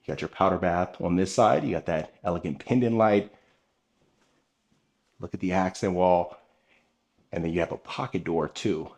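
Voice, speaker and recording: Man, lowish voice, upbeat home tour host talking straight to viewers while filming on the move. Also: normal speed, long pauses, a little mellow. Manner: upbeat, enthusiastic, addresses viewers directly. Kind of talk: narrated home tour vlog.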